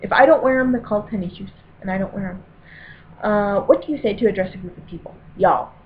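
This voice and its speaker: A woman's voice: mid-range voice, quick pace. Chatty woman with a Denver accent, tinny recording. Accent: Denver, Colorado. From Colorado, USA. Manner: chatty, self-deprecating, rambling asides. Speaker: vlogger doing an accent tag. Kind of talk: casual reading and chat to camera. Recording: very tinny, lo-fi with faint hiss.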